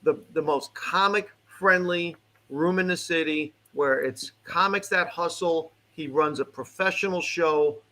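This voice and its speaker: A man talking as a comedian guest in casual chat, animated and joking with emphatic repeats. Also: a little high, measured pace.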